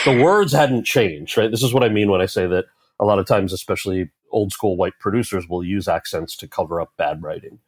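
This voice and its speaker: A low-pitched man in his forties tells a story in an interview and acts out the lines of the people he met. He sounds relaxed and talkative. The recording is close and dry, with no room sound. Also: dry recording. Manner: animated anecdote-telling, quoting others in character. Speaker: actor and author, interview guest. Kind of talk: conversational storytelling.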